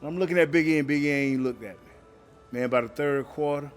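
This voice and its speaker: A middle-aged man, a podcast guest telling lively stories, acting out quotes and laughing often. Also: a little high, a little fast, smooth, soft background music. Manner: animated storyteller, acts out quotes, laughs often. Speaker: guest, former football player. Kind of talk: storytelling podcast interview.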